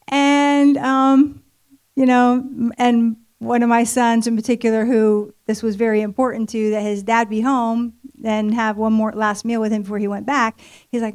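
A woman's voice: on the high side, little pitch movement, moderate pace, darkish tone, clear, resonant tone. A middle-aged woman telling a personal story at a church marriage event, chatty and full of fillers. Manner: conversational storytelling with many fillers. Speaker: speaker at marriage ministry event. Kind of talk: personal testimony sermon.

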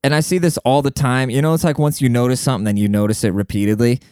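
A man hosting a solo podcast in a brash, rambling, profane way, full of fillers, jumping up in pitch when he quotes people. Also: fairly even intonation, fast, darkish tone, smooth, no room sound, clean studio sound. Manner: jumps high in pitch when acting out quotes. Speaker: podcast host. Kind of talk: casual solo podcast monologue.

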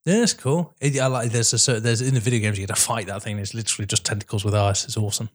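A young British man co-hosting a casual podcast. He swears freely and laughs often. He slips into quick put-on voices when retelling film scenes. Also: fairly low pitch, steady tone. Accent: British English. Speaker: podcast co-host. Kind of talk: casual chat.

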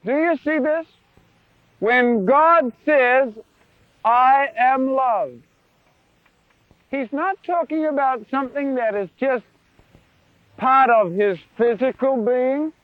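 Male preacher, high-pitched, animated sermon delivery, thin lo-fi archive sound. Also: slow, no room sound. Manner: animated, wondering, leans into questions to the audience. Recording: dry tinny phone-like archive recording.

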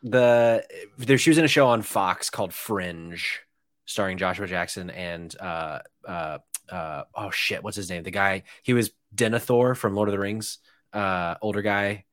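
A man's voice: lowish voice, a little slow, no echo. A young man co-hosting a podcast, telling a rambling, sweary anecdote full of fillers and restarts. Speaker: podcast co-host. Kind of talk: casual storytelling chat.

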